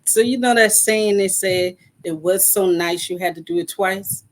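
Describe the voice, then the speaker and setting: A woman's voice: mid-range voice, normal speed. A woman hosting a podcast interview, talking in an encouraging, folksy way and often checking in with her listeners. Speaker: podcast host.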